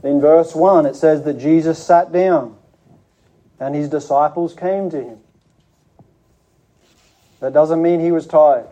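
High-voiced man preaching a sermon. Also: steady tone, dark tone. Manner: earnest, measured teaching with repeated restarts.

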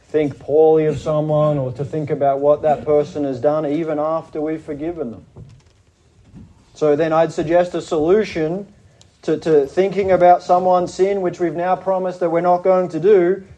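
An Australian-accented pastor delivers his sermon slowly and deliberately, leaning hard on each point. His voice sits a little high, with a flat delivery and a dark tone.

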